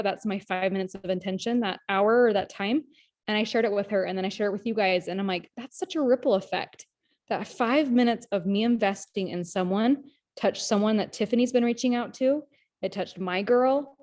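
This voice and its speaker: A woman giving a motivational pep talk to her sales team on a group video call, energetic and chatty, often turning to the listeners as "you guys". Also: mid-range voice. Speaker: team leader in a direct-sales team.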